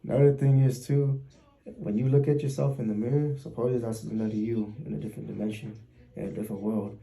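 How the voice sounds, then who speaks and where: A man's voice: medium pitch, fairly even intonation, fast, vocal fry, dark tone, rough recording. A man co-hosting a podcast, retelling a spooky story in casual chat laced with profanity. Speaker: podcast co-host.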